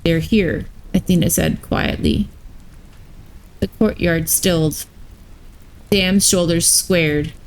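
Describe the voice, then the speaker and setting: Woman, story read live on stream, slow measured pace. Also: lowish voice, steady tone, poor audio. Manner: slow, measured reading with brief asides to chat.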